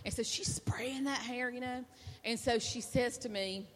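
A woman's voice: mid-range voice, sing-song, moderate pace, a little hiss or hum. Woman preaching in a reverberant hall. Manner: chatty, conversational, with frequent asides to the audience. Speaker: preacher's wife giving a sermon. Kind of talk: sermon with personal storytelling. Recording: long reverb of a large hall.

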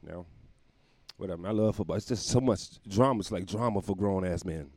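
A man's voice: low-pitched, brisk, a little mellow, no room sound. A man hosting his own show, rambling through a casual comedic monologue and laughing at his own jokes, talking from a room at home near the windows. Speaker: podcast host.

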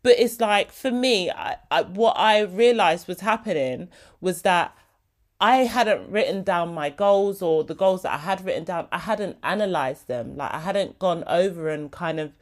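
A woman's voice: on the low side, a little slow. Chatty woman podcasting solo. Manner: chatty, heartfelt, slips into quoted voices. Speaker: podcast host. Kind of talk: casual solo podcast monologue.

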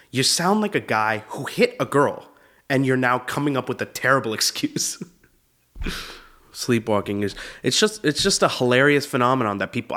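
A man's voice: medium pitch, a bit bright. A young man, a comedian hosting his own show, telling funny personal stories in a loose, slangy way and often laughing as he goes. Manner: casual, slangy, says "dude" often. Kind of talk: comedic storytelling monologue.

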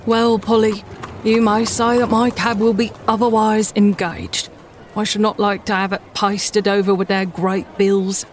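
A woman's voice: mid-range voice, level tone, unhurried, a little hiss or hum, natural voice. A woman reading a storybook, voicing a principled cab-driver father who speaks steadily and seriously, close to her own voice. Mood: firm.

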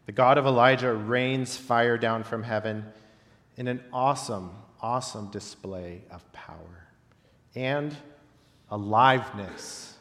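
A man preaching a reflective sermon, pausing often and letting his phrase endings fall soft. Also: mid-range voice. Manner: reflective, with long pauses and softly dropped phrase ends. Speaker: pastor. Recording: long reverb of a large hall.

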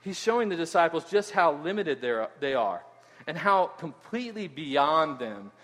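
A man preaching a sermon in an animated way, often asking "right?" and repeating words as he goes. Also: fairly high pitch, normal speed. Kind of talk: expository sermon. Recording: long hall reverb.

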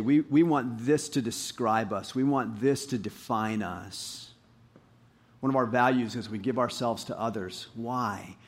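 A man preaching a sermon as pastor, animated, rising to emphatic highs and dropping low.

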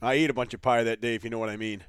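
Male podcast co-host, crude joker, dry close sound, mid pitch. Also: steady tone, racing, smooth, no echo. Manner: joking, crude banter, loud outbursts. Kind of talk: casual chat.

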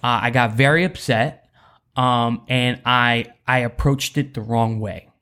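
A man's voice: mid-range voice, unhurried, sharp tone. A man sharing a candid personal story in a faith talk, earnest and rambling, with many restarts.

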